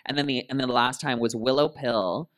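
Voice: mid-range voice, fairly quick. A drag queen co-hosting a live podcast, telling stories in a bubbly, giggly way. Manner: bubbly, giggly storyteller with animated voices.

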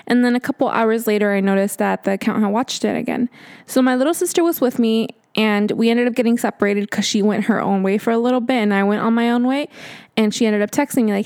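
A woman in her late twenties, hosting a podcast and telling a story in casual chat. She talks in an animated way, swears freely and acts out exasperated quotes. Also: a little high, fairly quick, clear, resonant tone. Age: 20s. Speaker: podcast host.

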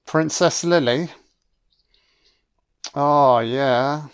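A man's voice: a little high, extremely slow, smooth. A man giving a casual, wisecracking film commentary on a first watch, swearing freely and talking back at the screen. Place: home recording, voice only.

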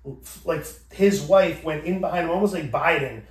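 A man with a fairly high voice tells a story in casual, foul-mouthed style, acting out every character's lines. He sits back from the mic in a bare, echoey room. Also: normal speed, distant mic. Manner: profane, animated, acting out both sides of the exchange. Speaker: podcast host.

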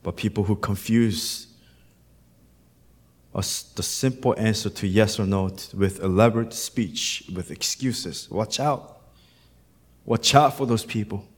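Deep-voiced pastor preaching plainly. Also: male voice, unhurried, pauses often, husky. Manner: conversational preaching with storytelling asides. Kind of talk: sermon.

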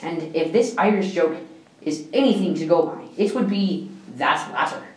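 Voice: mid-range voice, moderate pace, darkish tone, echoey room, far from the mic, rough recording. A person reading a countdown of jokes aloud, often stumbling and restarting mid-sentence. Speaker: joke reader.

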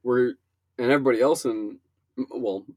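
A man's voice: mid-range voice, moderate pace, darkish tone, a little hiss or hum. A man from Minnesota co-hosting a casual chat podcast, explaining his points at length in a loose, rambling way. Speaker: podcast co-host.

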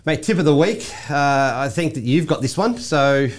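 A man's voice: fairly high pitch, animated, normal speed. A man co-hosting a podcast, chatting casually, teasing his co-host and steering the talk. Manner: teasing, wraps things up.

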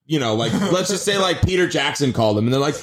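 A man's voice: a little high, expressive, quick pace. A man co-hosting a casual comedic podcast, riffing crudely and dropping into mock voices. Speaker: podcast co-host.

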